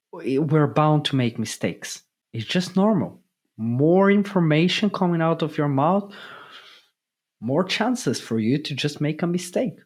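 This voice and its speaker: A man's voice: on the high side, a little mellow. Guy doing a sales pep talk, emphatic, keeps saying okay. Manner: emphatic, repeats key points, asks "okay?". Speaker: sales mentor. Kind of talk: motivational talk to camera.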